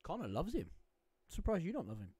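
A man from Cornwall co-hosting a live fight watch-along, chatty and quick to laugh. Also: breathy edge, no room sound. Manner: chatty, laughs often, lively swings in pitch. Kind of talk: casual chat.

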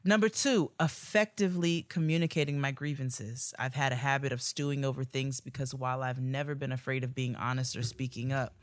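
A woman co-hosting a casual podcast, reading listener emails in an expressive way and often breaking into laughter. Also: extremely low pitch, no room sound. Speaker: podcast co-host.

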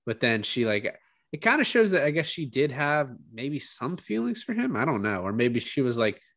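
A man's voice: medium pitch, very animated, moderate pace, a bit bright, dry recording, clean studio sound. A man co-hosting a casual movie review podcast, retelling scenes animatedly and swearing freely. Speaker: podcast co-host.

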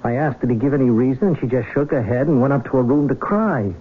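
A man's voice: mid-range voice, animated, fast, slightly rough. An actor in a 1970s radio drama playing a suspicious young man who distrusts outsiders, blunt and needling. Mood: resentful. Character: suspicious young male son, resentful of outsiders. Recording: tinny narrow broadcast with faint hiss.

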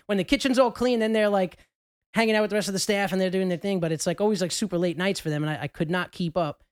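A man's voice: sits high, steady tone, quick pace, clean tone, no echo, studio quality. Rambling casual podcast host, man. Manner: rambling, lots of fillers. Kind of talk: casual chat, storytelling. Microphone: close podcast mic.

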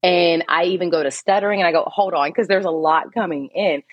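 A woman's voice: on the low side, fast talker, dry recording, highs cut off. A woman guest on a podcast, a psychic medium talking candidly and casually, laughing often and swearing now and then.

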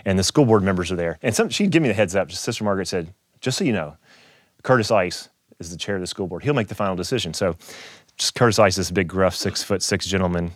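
Fast-talking man telling stories. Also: low voice, no room sound, studio quality. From Kentucky, USA. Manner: animated storyteller who acts out quoted voices. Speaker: keynote speaker, guitarist. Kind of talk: casual storytelling interview.

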